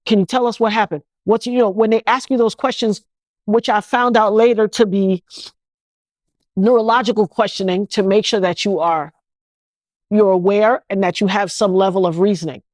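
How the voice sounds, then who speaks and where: A woman's voice: mid-range voice, steady tone, normal speed, darkish tone, no echo, studio quality. A woman, telling her personal story as an interview guest, speaking emphatically with many restarts.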